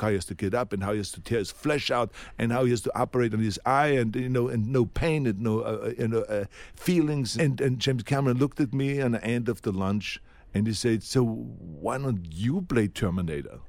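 A man's voice: mid-range voice, fairly quick, a little mellow, dry recording. A man with a foreign accent telling stories as an interview guest, animating them by acting out remembered dialogue. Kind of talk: anecdotal storytelling.

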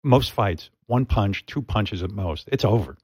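Brief: male host, low pitch, dry sound, curious and direct. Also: expressive, a little mellow, husky, no echo. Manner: short probing questions and quick agreement. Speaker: interviewer. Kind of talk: casual interview.

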